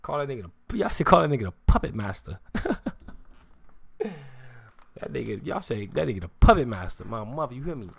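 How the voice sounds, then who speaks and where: This livestreamer is angry and foul-mouthed, hammering his audience with questions, repeating points and demanding "you hear me" over and over. He speaks a little fast in a medium, sing-song, creaky voice, leaving long pauses.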